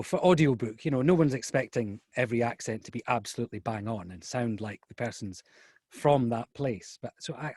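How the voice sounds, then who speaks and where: A man's voice: medium pitch, dry recording, studio quality. A man who narrates audiobooks, reading a tense scene aloud and then chatting in a rambling, self-deprecating way. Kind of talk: dramatic reading then casual chat.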